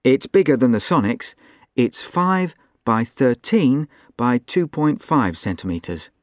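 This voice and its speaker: A man's voice: medium pitch, sing-song, a little slow, no room sound, clean studio sound. A man acting as a polite, helpful shop assistant and reporter in a scripted textbook dialogue.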